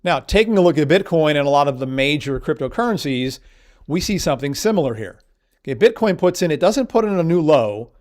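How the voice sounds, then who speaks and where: A man with a slightly high, expressive voice teaches stock market technical analysis at a brisk pace. Walking through charts in this lesson, he speaks emphatically, piling up vivid synonyms for emphasis.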